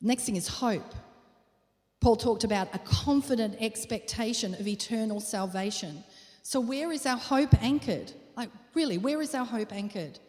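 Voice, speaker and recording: A woman's voice: fairly high pitch, animated, moderate pace, darkish tone. A woman preaching a sermon in an earnest, questioning way, repeating phrases for emphasis. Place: church hall. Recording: long hall reverb.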